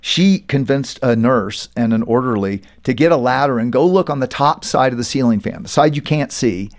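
A middle-aged pastor and author, guesting in an interview, tells stories at normal speed in a medium-pitched voice. He's an animated storyteller who acts out the voices he quotes.

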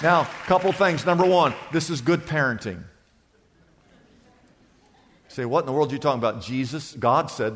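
Man, pastor, sermon, high pitch, animated, repeats himself, long reverb. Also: fairly quick, some chatter behind. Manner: animated preaching, repeats phrases, asks the congregation questions.

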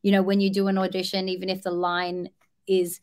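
Rambling Australian actress. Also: female voice, mid-range voice, completely flat delivery, a little fast, darkish tone. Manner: rambling, restarts, laughs at herself. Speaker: actress guest. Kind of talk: casual interview chat.

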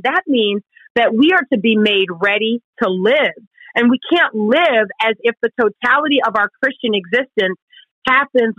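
A woman's voice: a little high, bright, forceful tone, no room sound, lo-fi sound. A woman co-hosting a Christian radio talk show, explaining Scripture in an earnest, emphatic way. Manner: earnest, emphatic, acts out quoted questions. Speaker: radio co-host.

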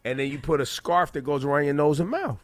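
A man's voice: a little high, expressive, fast talker, no echo, soft background music. A man hosting a morning radio show, joking bluntly and rambling loosely in casual banter from a studio mic. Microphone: studio microphone.

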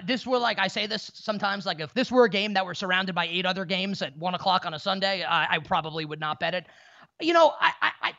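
A man in his thirties talking in casual sports-betting banter, in a rapid, profane, stammering rant. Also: sits high, vocal fry, bright, forceful tone. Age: 30s. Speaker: co-host. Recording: dull lo-fi audio.

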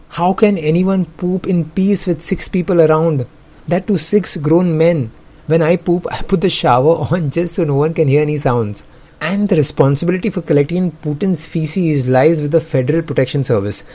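A man's voice: a little high, dark tone. A young man, hosting comedic news commentary in a sarcastic, joking way and laughing often. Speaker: host.

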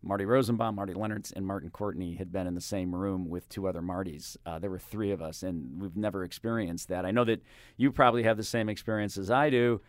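A man's voice: deep voice, fairly even intonation, quick pace, no room sound. A man hosting a casual radio studio chat, rambling and correcting himself as he tells stories. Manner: rambling, self-correcting, mimics voices in anecdotes. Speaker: radio host. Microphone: studio microphone.

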